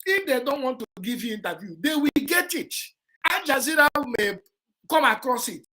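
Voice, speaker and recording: High-voiced, impassioned Nigerian woman vlogger. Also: very animated, moderate pace. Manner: forceful, repetitive, lecturing, addresses a rival directly. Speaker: vlog host. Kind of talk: impassioned livestream commentary.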